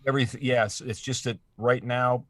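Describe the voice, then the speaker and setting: A man, a voice actor, talking as a guest in a casual interview, animated and stammering through restarts with laughing asides, from a studio microphone. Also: mid-range voice, normal speed, no room sound. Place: home studio.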